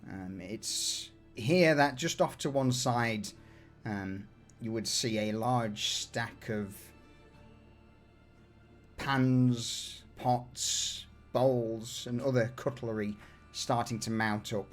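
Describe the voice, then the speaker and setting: A man running a tabletop game as game master, narrating a scene in a relaxed way with many fillers. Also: medium pitch, drawn-out words, faint music behind.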